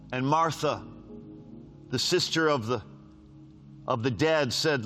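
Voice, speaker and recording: Man preaching with unhurried, swelling delivery. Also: expressive, faint music behind. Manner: swings from loud raised scripture reading to low hushed pleading; repeats lines for emphasis. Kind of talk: sermon.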